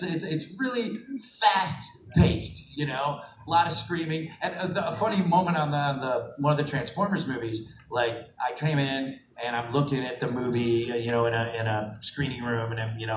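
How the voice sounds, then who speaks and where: A man's voice: mid-range voice, moderate pace, few pauses. A middle-aged man answering fan questions at a convention panel, laughing and acting out the people in his stories. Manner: animated, laughing, acts out quotes. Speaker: panel guest voice actor. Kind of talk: convention Q&A storytelling. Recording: echoey hall recorded from far off on a phone, noisy.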